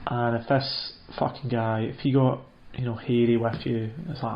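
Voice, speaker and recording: A man telling a comedic story in a rambling, deadpan way, full of hesitations and restarts. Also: mid-range voice, normal speed. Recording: muffled, roomy recording.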